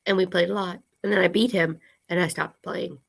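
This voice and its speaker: A young woman co-hosting a casual livestream chat, hoarse and scratchy from an illness, telling self-deprecating stories. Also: on the low side, steady tone, a little fast. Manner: chatty storyteller, self-deprecating. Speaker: co-host.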